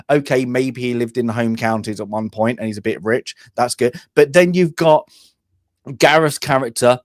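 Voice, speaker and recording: A man's voice: medium pitch, dry recording, clean studio sound. A young man co-hosting a casual film review chat, opinionated and rambling with many restarts. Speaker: podcast co-host.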